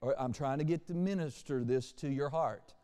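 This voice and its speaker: A man preaching a sermon as pastor, animated, shifting between quiet and loud passages. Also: medium pitch, normal speed, smooth, big-room sound. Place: church sanctuary.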